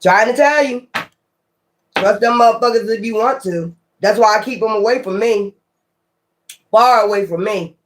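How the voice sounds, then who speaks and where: A man giving a casual tarot reading to his viewers, blunt and profane, talking in an animated way. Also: high-pitched, moderate pace, pauses often, a little hiss or hum. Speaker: tarot reader.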